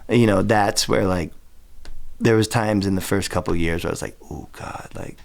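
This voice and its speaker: A man's voice: lowish voice, a little fast, gravelly. A man in his forties, a guest on a chat show, ranting casually and profanely about his work. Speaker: guest, skateboarder and board designer.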